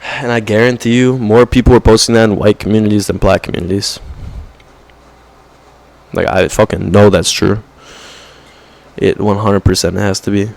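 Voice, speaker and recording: A man's voice: level tone, moderate pace, vocal fry, long pauses, a little mellow. A young man talking to camera in a rambling, profane rant, often saying "bro" and mocking others in put-on voices. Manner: mocking put-on quotes in higher voice. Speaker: vlogger.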